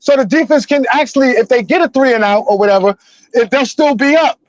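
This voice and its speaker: A man in his forties calling in to a live show, ranting loudly and emotionally with heavy cursing. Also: extremely high pitch, fast, dry recording, lo-fi sound. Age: 40s. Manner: loud, emotional and profane. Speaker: caller. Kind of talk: heated fan rant on a live call-in show.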